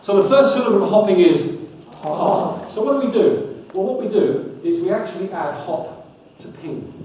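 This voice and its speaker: Energetic man speaking in an echoey hall. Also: high voice, moderate pace, recorded from a distance. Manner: energetic, coaxing the audience, wry asides. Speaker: dyslexia trainer giving a talk. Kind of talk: lively public talk with audience activities. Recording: echoey hall, speaker off-mic, faint room hum.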